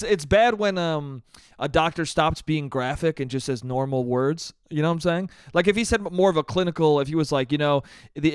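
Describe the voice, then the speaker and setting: Exasperated ranting man, smooth clear voice. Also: a little high, no room sound, clean studio sound. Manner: exasperated, profane, mimics others in flat voices. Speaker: podcast host. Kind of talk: solo comedic rant.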